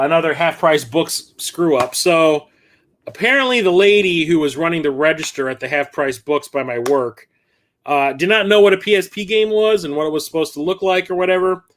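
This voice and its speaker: A man hosting a casual livestream, rambling and correcting himself as he talks, quick to laugh. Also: a little high, a bit bright. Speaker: livestream host. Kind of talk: casual livestream chat about his game collection.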